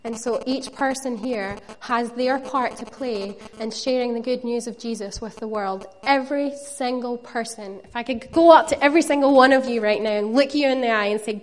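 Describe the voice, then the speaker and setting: A woman's voice: fairly high pitch, moderate pace, few pauses. A woman preaching a sermon, earnest and conversational, with playful asides to the congregation.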